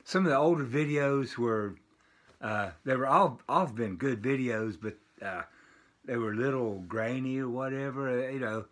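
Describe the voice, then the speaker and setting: An older man casually showing off a package of vinyl records, rambling with lots of filler pauses. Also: mid-range voice. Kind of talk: casual unboxing vlog. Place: home with dogs barking nearby.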